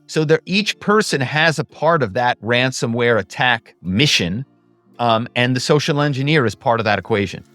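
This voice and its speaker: A man talking casually as a guest in an interview, telling stories in an animated way and often adding "you know" and "right". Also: medium pitch, moderate pace, no echo, soft background music. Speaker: guest, former actor and social engineer.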